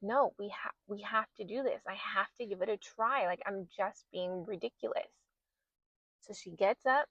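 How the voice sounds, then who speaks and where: A woman's voice: medium pitch, no echo, lo-fi sound. Candid woman telling her own story. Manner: candid, emotional, re-enacts her own past words. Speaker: podcast host. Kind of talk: personal storytelling.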